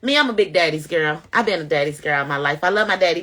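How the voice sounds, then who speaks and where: Animated, bright-voiced woman giving testimony. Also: sits low, fast talker. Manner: animated, preachy, addresses viewers directly. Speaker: vlogger sharing testimony. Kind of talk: casual spoken testimony to camera.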